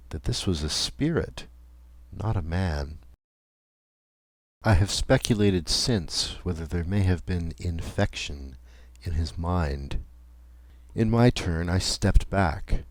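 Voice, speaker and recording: Man reading an old ghost story audiobook, real deep voice, slow and careful, dry close sound. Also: no room sound. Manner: measured and deliberate. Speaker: audiobook narrator. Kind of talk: scripted audiobook narration.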